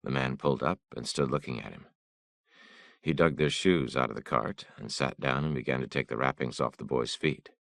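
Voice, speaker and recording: A man narrates an audiobook in a measured, somber way. His voice is extremely deep and gravelly, recorded close and dry. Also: fairly bright tone, no echo.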